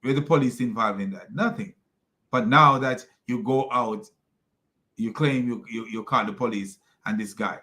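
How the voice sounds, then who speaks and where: A man's voice: mid-range voice, moderate pace, sharp tone. A man with a foreign accent giving scornful reaction commentary on videos, laughing often as he mocks. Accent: non-native English.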